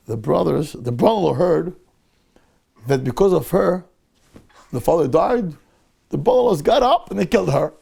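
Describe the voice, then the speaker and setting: A man's voice: on the high side, measured pace, vocal fry, pauses often, slightly rough. A male rabbi teaching a Torah class, telling a story with animation and acting out the people in it. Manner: animated storyteller who acts out the people in his tale.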